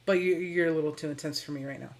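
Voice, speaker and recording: A woman's voice: low-pitched, fairly even intonation, racing. Woman explaining psychology terms. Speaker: podcast co-host. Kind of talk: casual chat.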